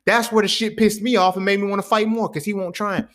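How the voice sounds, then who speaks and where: A young adult man hosts a podcast and tells a story in casual slang, talking fast. His voice swings between low mutters and loud, excited bursts.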